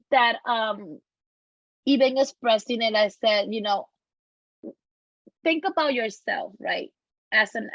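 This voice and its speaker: A woman's voice: fairly high pitch, a bit bright, dry recording. Earnest woman presenter, dull dry audio. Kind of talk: webinar panel answer. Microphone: video call.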